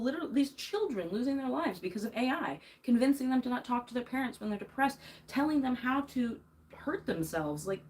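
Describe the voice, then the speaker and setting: Ranting angrily to her livestream chat while doing laundry in her bedroom, a young woman streamer sounds heated and emphatic, with nervous laughs breaking in. Her voice is fairly high and a little mellow, and the recording is low quality.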